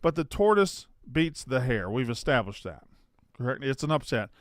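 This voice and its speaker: A man's voice: medium pitch, very animated, moderate pace, dry recording, studio quality. A man co-hosting a sports podcast, rambling and joking, swearing freely in casual chat. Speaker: podcast co-host.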